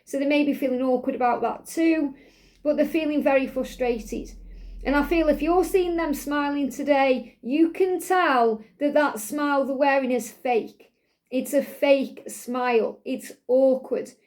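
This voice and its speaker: High-pitched female card reader, chatty spiritual monologue that circles back on itself. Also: normal speed, a little mellow. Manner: chatty, repeats phrases, voices the cards' messages.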